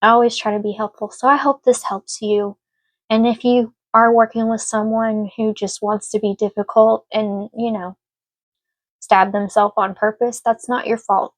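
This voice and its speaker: A woman's voice: a little high, level tone, normal speed, dry recording. A woman giving a casual spoken tarot reading, earnest and emotional, speaking reassuringly to her listener. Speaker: tarot reader.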